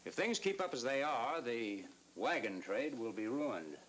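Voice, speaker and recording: A man's voice: medium pitch, big pitch swings, unhurried, a bit bright, slight background noise. An actor playing a sly, polished townsman who speaks effusively in a 1940s Western film. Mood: smooth.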